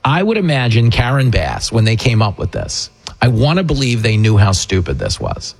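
Brief: husky-voiced middle-aged male talk radio host, sarcastic, mocking, ranting monologue. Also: mid-range voice, wildly swooping pitch, moderate pace.

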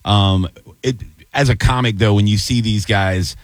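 A man with a fairly low voice tells loose, rambling stories as a comic on a chat podcast. The sound is dry and close, with no room around it. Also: a little slow, dry recording. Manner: rambling, animated storyteller. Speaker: comedian podcast regular. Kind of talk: casual chat.

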